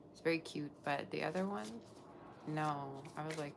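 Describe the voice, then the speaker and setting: A woman's voice: low voice, steady tone, normal speed, gravelly, fairly bright tone, slight background noise. A woman giving a live tarot reading to her viewers, chatting and rambling as she answers their comments. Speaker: tarot reader.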